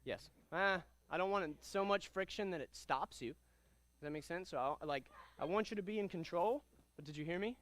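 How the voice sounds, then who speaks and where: High-voiced energetic karate instructor man. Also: moderate pace. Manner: energetic, commanding, calls out drills and counts. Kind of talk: martial arts class instruction.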